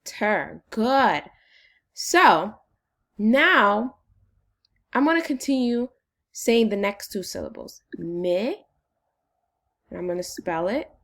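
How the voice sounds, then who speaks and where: Woman teacher doing phonics, slow n encouraging, sounds out every syllable, voice goes up and down a lot. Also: mid-range voice, animated, vocal fry, fairly bright tone. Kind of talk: phonics lesson for children.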